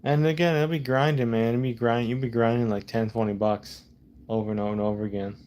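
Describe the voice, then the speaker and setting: A man's voice: mid-range voice, fairly even intonation, quick pace, a little mellow, slight background noise. A man in a casual vlog monologue, frustrated and profane, rambling and repeating himself. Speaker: vlogger.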